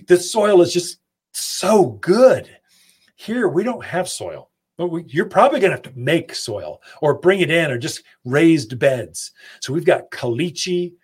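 A man's voice: on the high side, husky. A man hosting a gardening radio show, giving folksy, chatty advice straight to his listeners into a studio microphone. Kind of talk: casual radio advice talk.

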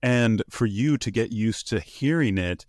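A man co-hosting a casual discussion, talking in an animated way, often acting out quoted voices and restarting his sentences with fillers. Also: a little slow, no room sound, studio quality. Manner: animated, acts out quoted voices in a higher pitch; conversational with frequent fillers and restarts. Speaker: podcast co-host.

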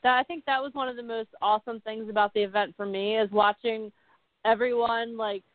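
A woman hosting a casual conversation, relaxed and encouraging, with lots of "like" and "I mean". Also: a little high, brisk, dry recording. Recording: tinny phone-like line.

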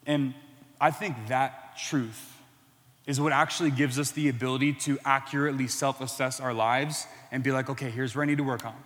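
A man's voice: medium pitch, steady tone, a little fast, fairly bright tone, big-room sound. A man preaching a sermon in an earnest way that builds to impassioned emphasis.

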